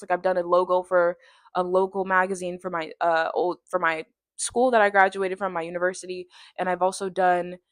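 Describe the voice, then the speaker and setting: A woman in her twenties vlogs to the camera in a casual, tired way, rambling quickly through tangents and using lots of fillers. Her voice is fairly low and a bit bright. The studio sound is clean, with no echo.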